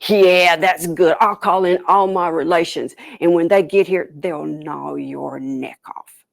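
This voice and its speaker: A woman voicing a proud, pushy male beaver who boasts of his sharp teeth. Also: low-pitched, steady tone, a little slow, gravelly, dry recording. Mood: threatening. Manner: proud, threatening.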